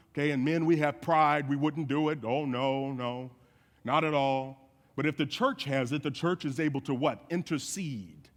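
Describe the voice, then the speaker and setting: Man preaching in an echoey hall. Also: fairly high pitch. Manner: animated storytelling with folksy asides. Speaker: guest speaker. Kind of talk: sermon. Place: church sanctuary.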